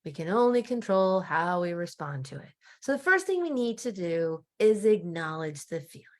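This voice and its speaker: Speaking casually to camera, a life coach in her forties is chatty and animated, frequently laughing at herself. Her pitch is fairly low and her speed normal.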